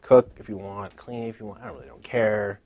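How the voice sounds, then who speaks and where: A man's voice: on the low side, fairly even intonation, a little fast, mellow, dry recording. A man giving a personal church testimony in casual, earnest speech, laughing nervously now and then. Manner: earnest and emotional, with frequent nervous laughs and many fillers.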